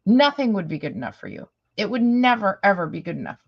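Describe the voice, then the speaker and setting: A woman's voice: medium pitch, very animated, fast, gravelly, husky, muffled recording. A woman hosting a reaction video, commenting with sarcasm and exasperation on a clip.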